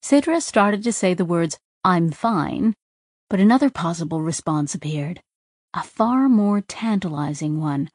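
A woman with a fairly low voice reads a scripted audiobook, keeping her storytelling measured and even. Studio quality and a dry recording round it out.

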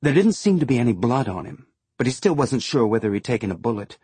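Husky-voiced male audiobook narrator. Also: mid-range voice, sing-song, quick pace, mellow.

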